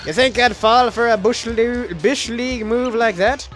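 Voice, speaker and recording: A man's voice: very high voice, moderate pace, pitched above the performer's own voice. A man with a Southern US accent voicing a blustering, hot-headed warrior brute while reading game dialogue, his Scottish attempt slipping into his own accent. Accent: Southern US, failing at a Scottish brogue. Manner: shouty blustering bravado. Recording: game music behind.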